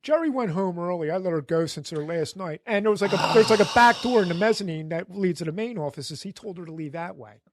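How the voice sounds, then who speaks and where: A man with a high voice tells a story on a podcast, and his pitch swings widely as he acts out each character. The sound is dry and close, with no room around it. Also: fast, few pauses, no room sound. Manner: animated, acts out the people in his story, laughs often. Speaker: podcast guest. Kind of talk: casual storytelling.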